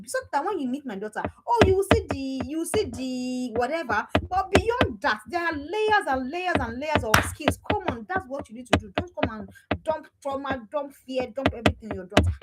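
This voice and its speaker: A middle-aged woman lectures parents in a high, lively voice. She repeats herself for emphasis and scolds as she exhorts. Heavy background noise runs under the recording. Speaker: parenting coach. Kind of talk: motivational talk to parents.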